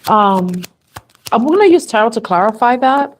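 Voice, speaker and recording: A woman with a fairly high, very lively voice gives a live tarot reading to camera at a normal pace, with a slight hiss or hum in the background. She speaks tenderly and rambles, sometimes moved to tears as the reading goes on.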